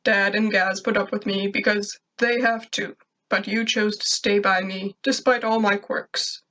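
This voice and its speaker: A woman's voice: medium pitch, little pitch movement, unhurried, bright, forceful tone. A woman reading a love letter as an earnest, lovesick young man, sincere and tender.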